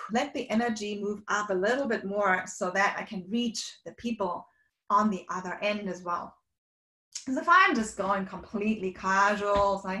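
A woman from Sweden and Germany, a communication coach, talking quickly and at length in an online workshop and playing with her voice. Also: mid-range voice, bright, forceful tone, echoey room. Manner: fast and talkative, playfully demonstrates vocal variety. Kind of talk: energetic online workshop talk. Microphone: video call.

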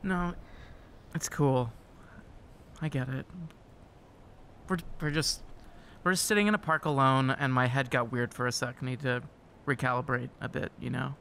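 A man's voice: medium pitch, fairly even intonation, gravelly, fairly bright tone, slight background noise. An actor playing a hesitant, shy young man. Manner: hesitant, halting.

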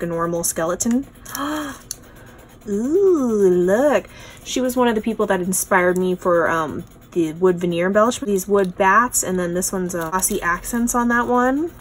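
A woman's voice: mid-range voice, slight background noise. Gushing young woman showing off crafts. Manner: gushing, excitable, lots of "oh my gosh" and "you guys". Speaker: craft channel host. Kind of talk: casual unboxing show-and-tell.

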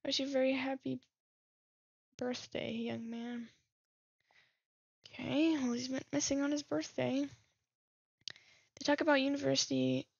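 A woman streamer reading text messages from a game aloud and thinking out loud about them, laughing at her own slips. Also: high-pitched, gravelly, husky, no room sound, muffled recording. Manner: reads messages aloud, muses and laughs at herself. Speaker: gaming streamer.

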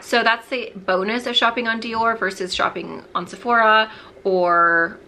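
A bubbly young woman chats casually while getting ready at home, rambling and thinking out loud. Her voice is bright and forward, with a faint room hum behind her. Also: fairly high pitch, fairly even intonation, measured pace, gravelly. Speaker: beauty vlogger. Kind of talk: chatty get-ready-with-me vlog.

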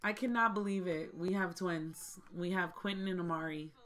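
A woman's voice: lowish voice, fairly even intonation, moderate pace, a bit bright. A woman hosting a life-simulation gameplay video, chatting casually with her viewers, often exasperated and repeating herself. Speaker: gaming channel host.

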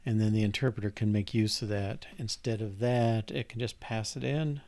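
A man live-coding and thinking aloud, halting and muttered, with fillers as he works. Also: fairly low pitch, steady tone, darkish tone, no echo. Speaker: programmer live-coding on stream.

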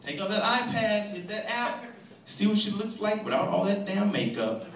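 A young man from Texas doing an animated stand-up comedy set, bursting loud when he acts out characters. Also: high-pitched, moderate pace. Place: comedy club stage. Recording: roomy club sound, mic at a distance, loud crowd.

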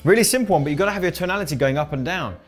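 An energetic male coach giving a to-camera lesson on video ads, his voice pitched a little high. He keeps pressing his points home with quick tag questions. Soft guitar music plays faintly underneath. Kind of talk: instructional talk to camera.

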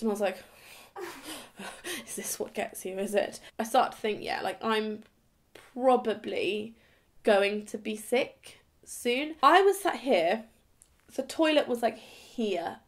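A young English woman vlogging, chatting to a camera a few steps away, animated and acting out the voices in her story. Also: medium pitch, a little slow.

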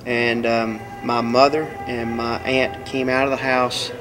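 A man being interviewed, quietly recalling a memory in measured storytelling. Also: medium pitch, level tone, music in the background, poor audio.

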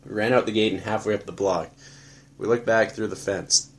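A man narrating an audiobook in a flat, matter-of-fact first-person telling. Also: lowish voice, a little fast.

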